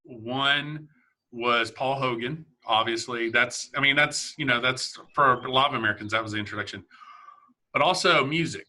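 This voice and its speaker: Very bright, chatty male host. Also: mid-range voice, moderate pace. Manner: chatty, laughs easily. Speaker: podcast host. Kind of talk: casual interview chat.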